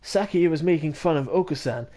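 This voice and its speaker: A man voicing a meek young male dove student, speaking quietly and subdued. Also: a little high, brisk, lightly acted.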